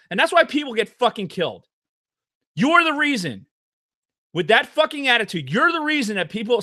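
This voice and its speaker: A man's voice: high voice, pushed and bright. A man co-hosting a podcast in casual chat, ranting angrily and swearing constantly. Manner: heated, profanity-laden ranting. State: angry. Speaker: podcast co-host.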